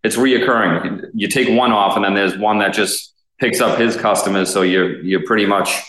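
A man's voice: fairly low pitch, fairly even intonation, normal speed, a bit bright, roomy sound, rough recording. A man, a police officer in his thirties, telling stories in a casual interview, rambling with lots of fillers and swearing. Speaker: police officer, SWAT guest.

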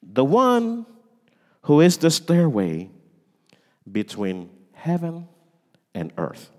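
A man preaching a sermon as pastor, dramatic, swinging between loud lines and hushed ones. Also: on the high side, wildly swooping pitch, drawn-out words. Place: church sanctuary. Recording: long reverb of a church hall.

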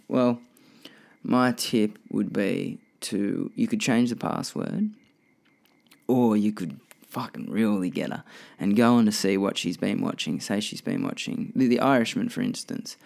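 A young man with a low, gravelly voice, hosting a loose solo podcast. He rambles, restarts his sentences and swears freely. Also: unhurried. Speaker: podcast host. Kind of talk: casual solo podcast chat.

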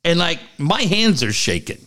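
A man's voice: a little high, normal speed. A middle-aged man with a Southern Californian accent, co-hosting a studio podcast and telling a story, acting out the voices of the people in it. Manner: animated, acts out quoted voices. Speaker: podcast co-host. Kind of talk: storytelling casual chat.

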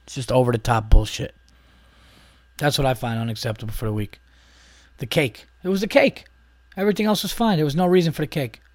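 A man's voice: mid-range voice, a little fast, pauses often, dry recording. A man hosting a podcast, ranting in a casual, profane, exasperated way with many restarts. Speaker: podcast host.

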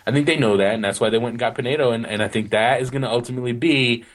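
A man's voice: mid-range voice, racing. A man co-hosting a casual soccer podcast, rambling with frequent restarts and "you know what?" asides. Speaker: podcast co-host.

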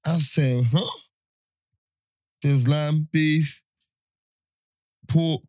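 A man, co-hosting a casual podcast and telling animated stories in slang. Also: a little high, very slow, pauses often, no room sound. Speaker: podcast co-host. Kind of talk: casual banter.

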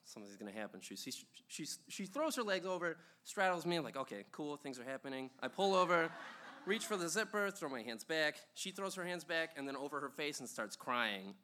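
A man's voice: on the high side, expressive, normal speed, pushed and bright, a little hiss or hum. A young man telling a funny personal story at a live show, rambling with lots of ums and uhs and chuckles.

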